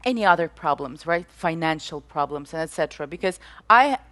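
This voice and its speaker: A woman's voice: low voice, lively intonation, fairly quick, fairly bright tone, no room sound. Woman host, encouraging, dry close mic. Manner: encouraging, frequent agreement. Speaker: talk show host. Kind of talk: interview.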